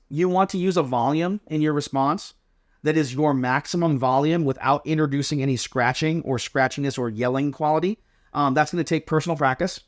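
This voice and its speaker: A man, a drill team coach, casually explaining inspection answers step by step and acting out sample replies. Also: mid-range voice. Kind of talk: casual instructional chat.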